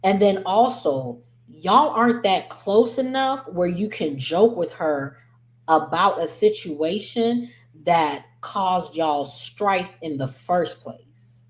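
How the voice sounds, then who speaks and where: A woman casually recapping a reality TV episode, chatty and opinionated, with slangy asides and lots of ums and self-corrections. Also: fairly low pitch.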